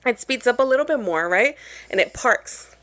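Young woman podcast host, kinda high voice, tells stories, swears a ton, drops spanish bits. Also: expressive, normal speed, fairly bright tone. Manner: storytelling with heavy swearing, switching into Spanish phrases. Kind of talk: casual chat.

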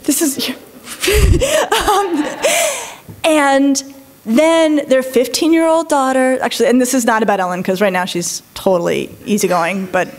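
Animated woman telling a story. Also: high-pitched, measured pace. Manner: animated, acts out quoted voices, many asides. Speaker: child psychologist and speaker. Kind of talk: storytelling talk to an audience.

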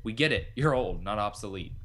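A man's voice: fairly low pitch, expressive, a little fast, a bit bright, a little hiss or hum. A man chatting casually about a movie, blunt and emphatic, with occasional swearing. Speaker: film discussion co-host. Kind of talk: casual chat.

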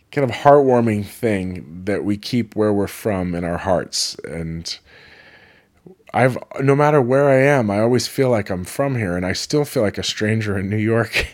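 A man from California casually vlogging, rambling and enthusiastic, jumping from thought to thought. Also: fairly low pitch. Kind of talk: casual travel vlog.

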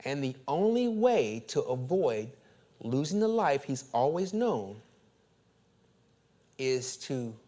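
Male pastor, sermon delivery, mid-pitched voice, big dynamic swells, repetitive build-ups. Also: very animated, slow pace, long pauses. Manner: preaching with swells of loud, high, laughing emphasis; repeats phrases and restarts when fired up.

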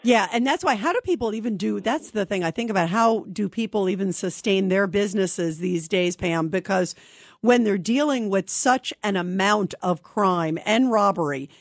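A woman's voice: medium pitch, animated, normal speed, no room sound. A woman hosting a call-in radio talk show, chatting with callers and asking their views. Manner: conversational, asks callers questions.

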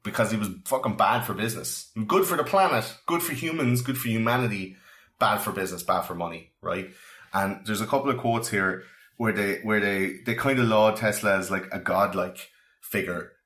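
A man hosting a casual podcast, telling stories in an animated, profane way. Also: on the low side, normal speed, roomy sound. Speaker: podcast host.

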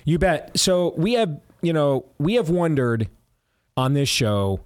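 A male talk radio host with an average-pitched voice that comes across forceful and sarcastic. The sound is dry and close, with no room echo behind him. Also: very animated, slow pace, clear, resonant tone. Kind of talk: conservative talk radio commentary.

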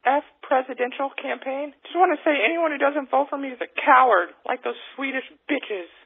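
A caller putting on a brash, insulting sportswoman. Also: sits high. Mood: defiant. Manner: rapid, blunt, insulting. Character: brash combative female athlete, adult. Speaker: caller doing an impression. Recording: tinny phone voicemail.

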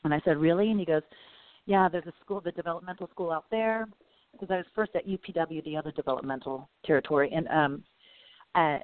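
A woman's voice: low-pitched, quick pace, no echo. Chatty woman telling stories over a tinny line. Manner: chatty, rambling, full of "you know" and quoted dialogue. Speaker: guest. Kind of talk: casual interview storytelling. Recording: phone-like audio.

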